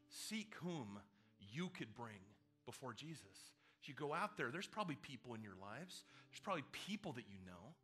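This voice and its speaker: A man's voice: on the high side, bright, forceful tone. A male pastor delivering a sermon and prayer in an earnest, storytelling manner.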